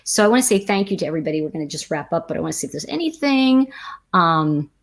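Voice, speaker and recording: Lively, husky woman hosting a tarot chat. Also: on the low side, fast talker. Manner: animated storyteller who drifts into tangents; reads and answers viewer comments. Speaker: tarot teacher and livestream host. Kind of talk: casual livestream chat.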